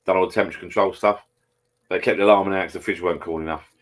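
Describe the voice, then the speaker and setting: A man's voice: low-pitched, steady tone, rapid-fire. A man hosting a live stream, chatting casually and rambling over beers, swearing freely as he talks to viewers.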